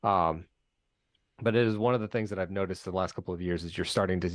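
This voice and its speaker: A man's voice: sits low, fast, no echo, clean studio sound. A man chatting casually in a group podcast, explaining things at length with frequent restarts. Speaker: podcast regular.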